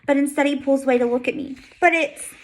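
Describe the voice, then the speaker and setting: High-voiced woman reading a novel aloud. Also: flat delivery, racing, mellow, low-quality recording. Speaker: audiobook reader.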